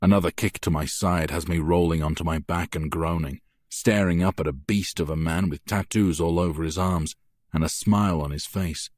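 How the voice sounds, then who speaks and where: Deep-voiced intense male audiobook narrator. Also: steady tone, normal speed, no echo, clean studio sound. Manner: intense, gritty, dramatic. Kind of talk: scripted first-person dramatic narration.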